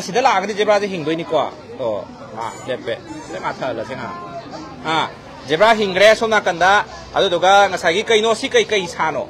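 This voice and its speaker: A man with a Manipuri accent hosting an outdoor school fair on a handheld microphone, explaining exhibits in an animated way. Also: sits high. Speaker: event host. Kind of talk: live event presenting. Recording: crowd noise behind.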